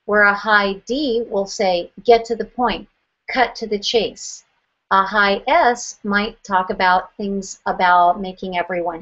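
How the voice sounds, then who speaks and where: A woman's voice: medium pitch, fairly bright tone. A woman sales trainer giving a presentation in a direct, emphatic way. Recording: slightly muffled.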